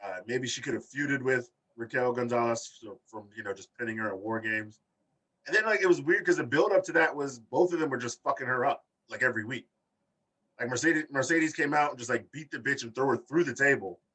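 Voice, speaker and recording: A man co-hosting a loose podcast chat, with a bright, husky voice. He sits a bit back from the mic, so he sounds slightly distant. He tells stories in long chains and jumps up in pitch when he quotes people. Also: a little fast. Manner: animated storyteller, acts out quotes with big pitch jumps. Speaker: podcast co-host. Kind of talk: casual chat.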